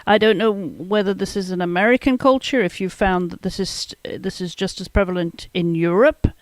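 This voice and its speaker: Male podcast host, high voice, rambling conversational questions, dry close sound. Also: moderate pace, no echo. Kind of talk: podcast interview.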